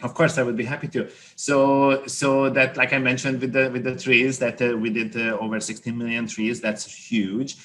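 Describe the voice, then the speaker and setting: A man telling a funny story in a casual interview, animated, with many fillers and restarts. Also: medium pitch, moderate pace, hardly any pauses, a little hiss or hum. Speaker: skin care company president, guest.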